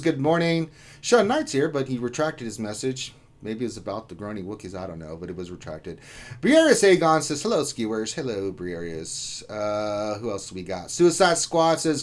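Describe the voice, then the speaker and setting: A man co-hosting a gaming livestream, energetic and joking as he reads out viewer chat and rallies support. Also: mid-range voice, normal speed. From Houston area, USA. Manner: energetic, jokey, hyping up viewers. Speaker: livestream co-host reading chat.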